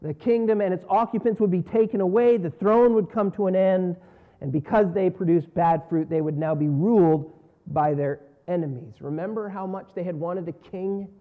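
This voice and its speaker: A man preaching a sermon in an earnest style, rising on key words and falling low at the ends of phrases. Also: moderate pace. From North America. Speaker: pastor. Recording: dull lo-fi sound.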